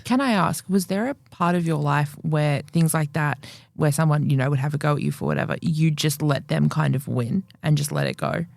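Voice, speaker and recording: A podcast co-host in casual chat, prompting and reacting with relaxed, encouraging questions. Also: medium pitch, brisk, gravelly, hardly any pauses, dry recording, studio quality.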